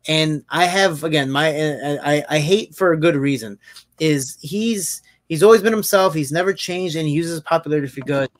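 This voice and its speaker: Male podcast host with a fairly high voice, lively and profane storyteller. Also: moderate pace, no echo. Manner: animated storyteller, swears freely, many restarts. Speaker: MMA fighter and podcast host. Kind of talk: casual podcast chat.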